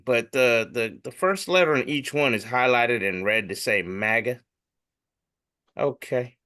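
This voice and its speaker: A man's voice: on the high side, bright, forceful tone. A man co-hosting a casual comedy podcast, reading memes aloud and joking, swearing freely.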